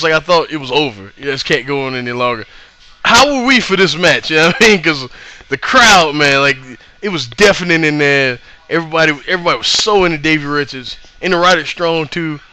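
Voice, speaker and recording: Excitable young man with a bright voice. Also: on the high side. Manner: excitable, laughs often, lots of fillers and curse words. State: voice worn from yelling. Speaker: vlogger recapping a live wrestling show. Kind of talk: casual rambling recap.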